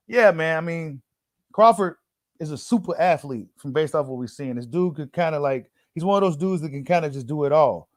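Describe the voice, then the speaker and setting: A man's voice: a little high, expressive, brisk, dry recording, studio quality. A man hosting a casual boxing commentary, slangy and full of fillers, who repeats himself and reads an article aloud to his viewers. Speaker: boxing channel host.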